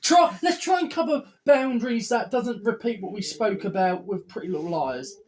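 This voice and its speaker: A woman's voice: on the high side, lively intonation, moderate pace, background noise. A woman co-hosting a podcast in casual chat, making dry, wry quips. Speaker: podcast co-host.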